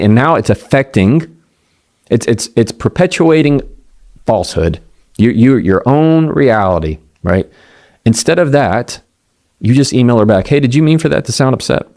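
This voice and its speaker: A middle-aged man gives a motivational talk on communication. He speaks conversationally, acts out quoted voices and slows down to land key points. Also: lowish voice, darkish tone. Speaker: communication coach.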